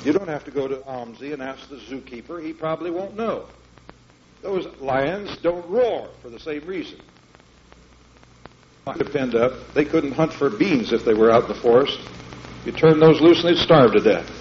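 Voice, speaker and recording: Folksy preacher on an old echoey tape. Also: male voice, a little high, animated, normal speed, slight background noise. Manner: folksy, emphatic, asks the congregation questions. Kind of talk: sermon. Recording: dull lo-fi sermon tape in an echoey hall.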